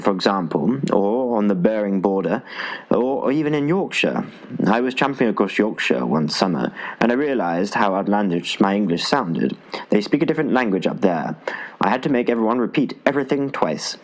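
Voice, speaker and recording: A man reading a travel essay aloud as an audiobook narrator, in an expressive style with dry humor. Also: fairly low pitch, low-quality recording. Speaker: audiobook reader. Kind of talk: scripted narration.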